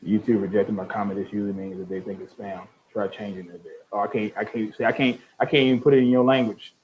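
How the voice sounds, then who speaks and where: An older man hosting a show, reading online comments aloud and answering them with exasperated sarcasm. He keeps repeating words in quick restarts. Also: lowish voice, steady tone, darkish tone, a little hiss or hum, low-quality recording. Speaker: host.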